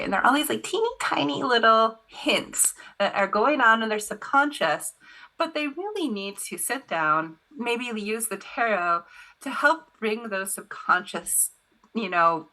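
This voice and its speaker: A woman guest in a casual interview, talking about tarot reading in an animated storytelling way, full of "you know" fillers. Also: fairly high pitch, a little slow.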